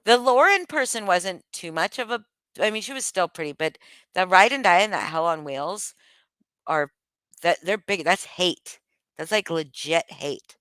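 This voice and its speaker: A woman with a low, smooth voice talks in a loose, rambling vlog monologue. She is blunt and swears freely, often restarting her sentences. The sound is dry and close, with no room echo. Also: expressive, measured pace, a bit bright. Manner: candid, profane, rambling with many restarts. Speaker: vlogger.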